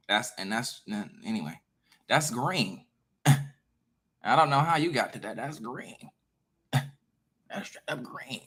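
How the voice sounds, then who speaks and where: A man in a casual monologue to his viewers, emphatic, profane and lecturing, swinging between loud bursts and quiet asides. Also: medium pitch. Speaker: online creator.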